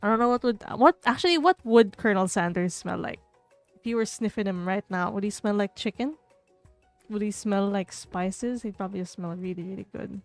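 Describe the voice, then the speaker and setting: Young woman streamer reading a dating game out loud, goofy and playful. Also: medium pitch, brisk, soft background music. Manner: playful, jokey asides.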